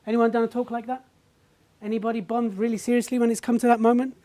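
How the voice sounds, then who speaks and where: Woman, stage speaker, animated storytelling, higher voice, stage mic. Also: fast. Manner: animated storytelling, acting out reactions; engages the audience with questions. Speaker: public speaker. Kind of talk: stage talk. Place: event stage before a live audience.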